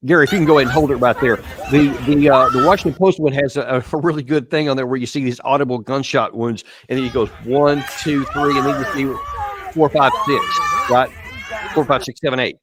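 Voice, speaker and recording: A man's voice: medium pitch, wildly swooping pitch, brisk, a bit bright, slight background noise. A man hosting a live show, walking viewers step by step through video clips in an emphatic commentary style.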